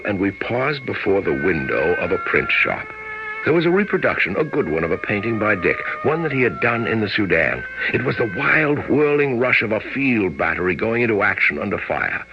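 An actor playing a calm, wry male friend who narrates and asks measured, gently questioning lines, in old-time radio acting. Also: lowish voice, gravelly, heavily acted. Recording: dull old radio recording with music.

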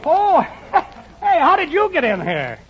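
Bumbling, flustered fake inspector; high, bouncy, giggly; hissy 1940s soundtrack. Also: male voice, wildly swooping pitch, measured pace, crowd noise, full character voice. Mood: giddy. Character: bumbling comic man mistaken for a Nazi inspector. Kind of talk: 1940s film comedy acting. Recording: dull old film soundtrack with clear hiss.

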